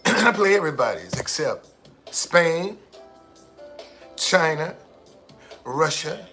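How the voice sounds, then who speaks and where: Profane, emphatic man with bright voice. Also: a little high, big pitch swings, takes it slowly, soft background music. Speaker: street musician. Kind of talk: casual monologue.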